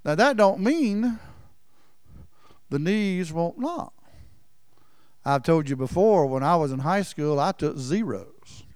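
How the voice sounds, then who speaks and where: A male pastor with a drawl preaches with a folksy, storytelling touch. His voice sits a little high for a man and swings between loud emphasis and hushed near-whispers. The recording is close and dry, with no room echo. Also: animated, slow, pauses often, clear, resonant tone. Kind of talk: sermon.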